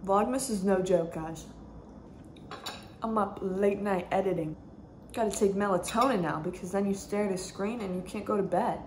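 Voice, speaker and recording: A young woman talks to camera in a chatty, rushed way, her voice sitting at an ordinary middle pitch. She sounds like a casual home vlogger, and the room around her rings with echo while faint kitchen noise clatters behind. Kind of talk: casual vlog chat. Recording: echoey room.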